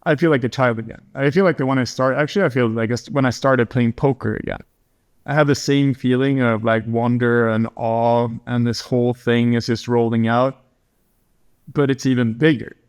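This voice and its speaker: A male podcast host with a smooth, resonant voice. He talks loosely and hesitantly, with plenty of fillers as he feels for his words. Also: medium pitch, steady tone, moderate pace. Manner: rambling, hesitant, many fillers. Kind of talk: casual interview chat.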